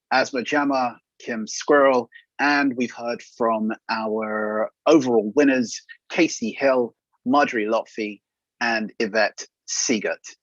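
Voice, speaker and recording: A male judge sums up a poetry evening in measured remarks to viewers at home. The sound is dry and somewhat dull, with no room around it. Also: mid-range voice, no echo. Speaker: judge and event presenter. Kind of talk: live-streamed event address.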